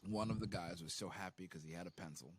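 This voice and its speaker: A man co-hosting a podcast, casually retelling a show's plot, laughing and doing squeaky voices for quotes. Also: fast talker, very noisy. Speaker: podcast co-host. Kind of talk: casual movie recap chat.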